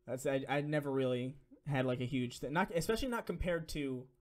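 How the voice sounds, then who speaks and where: A man's voice: medium pitch, fairly quick. A young man streaming, reading donation messages and answering viewer questions in a rambling, profane, filler-heavy way. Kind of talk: casual live-stream Q&A.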